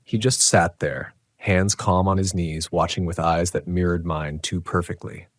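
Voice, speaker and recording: A man telling a first-person horror story in a tense, dramatic, measured way. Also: low voice, fairly even intonation, dry recording. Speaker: narrator.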